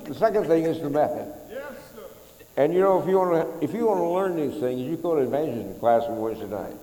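A man's voice: fairly high pitch, lively intonation, a little fast, warm tone, some chatter behind, a little hiss or hum. A middle-aged man preaching a sermon in a folksy, conversational way, leading his congregation in call-and-response. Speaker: pastor. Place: church sanctuary. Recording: echoey church hall.

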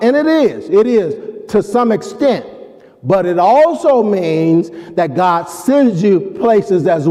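A man's voice: a little high, warm tone. A male pastor preaching a sermon, with repeated call-outs to the congregation and rhetorical questions. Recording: long hall reverb.

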